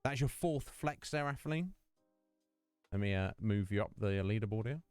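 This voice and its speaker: A man's voice: on the low side, animated, normal speed, a little mellow, smooth, no echo, faint music behind. A man hosting his game live stream, chatting in a rambling way and laughing often. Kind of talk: casual live-stream chat.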